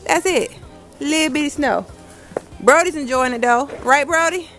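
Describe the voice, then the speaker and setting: Faint music plays behind a young mother whose high, fairly bright voice moves at a normal speed. She films her family in the snowy backyard for her vlog, chatting casually, teasing the kids playfully, and laughing often.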